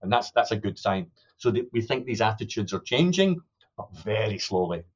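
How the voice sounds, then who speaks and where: A man's voice: lowish voice, very animated, normal speed, dull audio. A man, a sociolinguistics academic, earnestly explaining research findings in an interview, hesitant with many restarts. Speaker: sociolinguistics academic, podcast guest.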